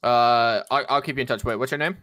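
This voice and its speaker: Man, roleplay agent, offhand, swears a lot, bright tone, keyboard clicks. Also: medium pitch, fast talker, dry recording. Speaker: roleplay real estate agent. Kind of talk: casual roleplay phone chat.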